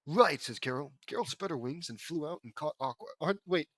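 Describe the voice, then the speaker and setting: Reading fan fiction out loud, a man mocks the story with wry comments between lines and speaks up louder for characters' quoted dialogue. He talks briskly with a fairly bright, lively, somewhat high voice, recorded without echo.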